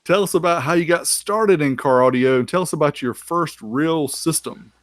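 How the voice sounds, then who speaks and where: A man's voice: fairly high pitch, normal speed, dry recording, studio quality. A man co-hosting a live-streamed interview, upbeat and welcoming as he keeps the show moving. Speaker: podcast co-host.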